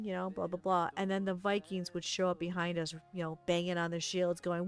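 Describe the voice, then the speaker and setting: A woman streamer chats casually while painting, telling stories and animatedly acting out the lines of the people in them. Her voice is lowish and a little fast, with few pauses.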